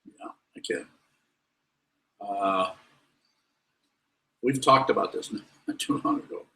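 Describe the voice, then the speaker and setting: A lowish, bright and forceful male voice, blunt and wry as he lectures and answers students. The sound is roomy, with echo filling the meditation hall around him. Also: huge pitch swings, takes it slowly. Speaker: Buddhist teacher. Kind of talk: dharma talk with questions.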